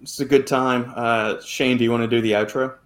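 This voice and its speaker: Man, podcast host, joking banter, laughs a lot, average pitch. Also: level tone, brisk. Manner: teasing, laughs often. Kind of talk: casual podcast chat.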